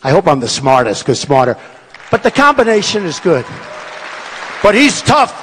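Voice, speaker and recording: A man in his sixties delivers a rally speech, repeating his points with emphasis and boasting as he drifts between topics. His voice sits high and swings widely in pitch. Long reverb from a large performing arts hall trails each phrase. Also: sing-song, moderate pace, fairly bright tone, some chatter behind, slight background noise. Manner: repetitive, emphatic, boastful, digressive. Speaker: political candidate speaking at a rally.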